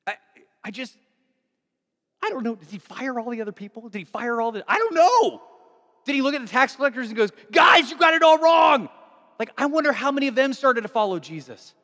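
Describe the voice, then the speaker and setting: A man preaching a sermon, animated and acting out dialogue, moving from hushed lines to shouts. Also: extremely high pitch, fast talker, long reverb tail. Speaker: pastor.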